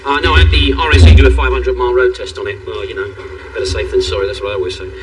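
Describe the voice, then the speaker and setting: An actor playing a cheeky Cockney wheeler-dealer selling a car, in a sitcom, with a smooth sales patter. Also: male voice, mid-range voice, little pitch movement, rapid-fire, lightly acted. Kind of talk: sitcom acting. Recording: distant mic, loud noise.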